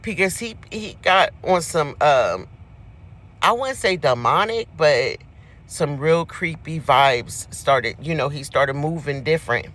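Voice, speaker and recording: High-voiced man telling a story. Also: lively intonation, takes it slowly, fairly bright tone. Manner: chatty, speaks straight to the audience as "y'all". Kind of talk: casual storytime to camera.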